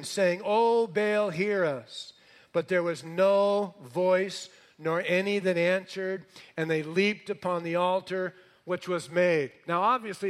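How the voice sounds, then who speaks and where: Middle-aged male pastor, slightly high voice, animated storytelling, sarcastic humor. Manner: dramatic scripture reading. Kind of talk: sermon.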